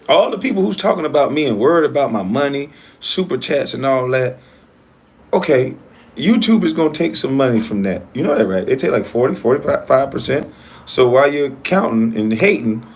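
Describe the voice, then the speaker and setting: A man hosting his own online show, ranting in a heated, profane and combative way, swinging between loud outbursts and low muttering. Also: slightly rough. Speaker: YouTube show host.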